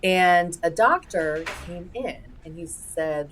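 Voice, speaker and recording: A middle-aged woman, a podcast guest, telling a personal story in lively fashion and acting out what others said. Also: fairly low pitch, slow, hardly any pauses, a little hiss or hum. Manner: lively retelling with quoted dialogue and fillers. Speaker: guest, public health advocate. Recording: distant mic with faint music.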